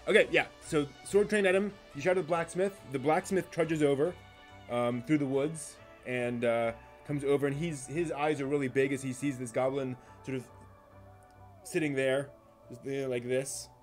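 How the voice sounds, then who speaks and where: A man narrating a tabletop game during a live stream while he paints miniatures, rambling with many pauses and restarts. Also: mid-range voice, steady tone, faint music behind.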